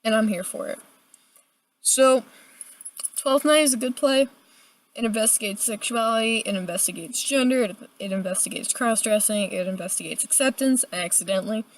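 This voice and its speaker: A young adult woman giving a casual, chatty video review, animated and full of filler words. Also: on the high side, moderate pace. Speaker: book reviewer.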